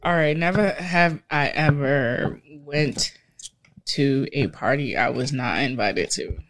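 A woman from Barbados co-hosting a podcast, telling stories in a profane, animated way with lots of laughter. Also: rumbling low, slow. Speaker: podcast co-host. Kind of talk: casual chat, storytelling.

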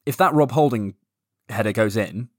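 A man co-hosting a football podcast, talking in a wry, teasing, measured way. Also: mid-range voice, no room sound, studio quality. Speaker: podcast co-host. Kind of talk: casual football chat.

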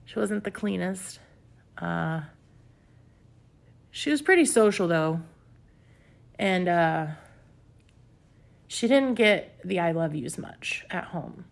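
Woman podcast host, gravelly fry, candid and confessional self-help talk. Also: fairly low pitch, lively intonation, slow, long pauses. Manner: candid, confessional, with soft laughs. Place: home with pets nearby.

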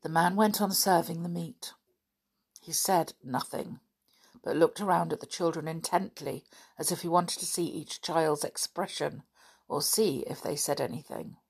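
A woman reads a children's adventure aloud in a steady, expressive manner. Her voice sits a little low for a woman. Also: normal speed, creaky, slightly rough. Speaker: storyteller. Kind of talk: reading a children's book aloud.

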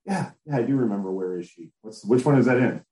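A man hosting a casual podcast chat, excitable and quick to swear. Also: fairly low pitch. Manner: animated, excitable, swears freely. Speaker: podcast host. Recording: roomy echo.

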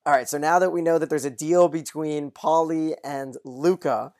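Brisk podcast host summarizing an episode. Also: medium pitch, steady tone, a little mellow. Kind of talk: episode recap and listener mail.

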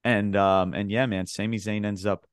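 A man's voice: lowish voice, little pitch movement, normal speed, smooth, no room sound, studio quality. A man co-hosting a podcast, recapping wrestling in loose, rambling casual chat full of filler words, acting out what people said. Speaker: podcast co-host.

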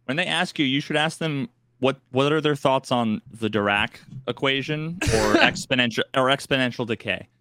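A man's voice: medium pitch, moderate pace, hardly any pauses, sharp tone, no room sound. A man co-hosting a casual podcast, bantering in a joking, sarcastic way. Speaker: podcast co-host.

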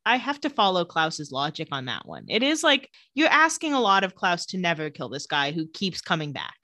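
A woman's voice: fairly low pitch, huge pitch swings, normal speed, bright, forceful tone, no echo. A woman co-hosting a podcast, casually recapping a TV episode and acting out the characters' lines in playful voices. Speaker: podcast co-host recapping a TV show. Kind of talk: casual chat.

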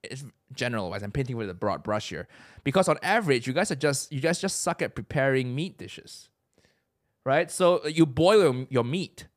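A man's voice: mid-range voice, animated, moderate pace. A young man from Asia hosting a podcast, talking in a casual, joking and provocative way and laughing often. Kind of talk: casual chat.

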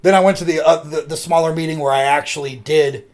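A man's voice: a little high, steady tone, fast. A man co-hosting a podcast, telling a rambling personal story in casual chat and swearing freely as he goes. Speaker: podcast co-host.

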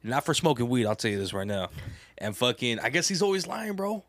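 A man hosting a casual podcast, loud and teasing, full of slang. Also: medium pitch, big pitch swings, fairly quick, dry recording. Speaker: podcast host.

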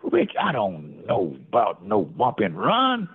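Gravelly older man telling stories over a phone line. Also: fairly low pitch, slow. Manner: animated storyteller who keeps addressing the host by name. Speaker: interview guest, former football player. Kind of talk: storytelling in a casual interview.

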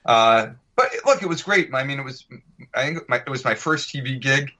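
A man's voice: mid-range voice, animated, normal speed, bright, forceful tone. An American man, an actor guest on a podcast, chatting casually and telling anecdotes, acting out voices and accents as he goes. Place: podcast recording.

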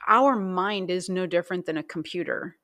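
A woman hypnotherapist, a guest, explaining things in a calm, instructive, guiding way. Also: on the low side, normal speed. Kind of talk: casual conversation.

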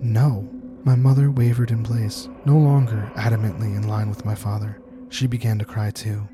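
Guy reading a creepy story slow and tense, music going under it. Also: fairly low pitch, flat delivery. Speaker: narrator. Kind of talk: scripted horror story narration.

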